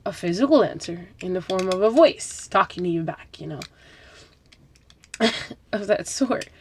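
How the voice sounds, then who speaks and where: Her voice is lowish, expressive, unhurried and a little mellow, with slight background noise. She hosts a live Islamic talk broadcast from home, discussing faith chattily with asides and rhetorical questions, while packing up causes rustling.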